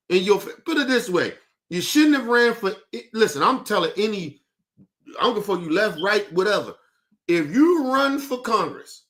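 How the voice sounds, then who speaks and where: Heated, cursing man with a high voice. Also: fairly bright tone. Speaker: podcast host. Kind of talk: profane rant on a talk show.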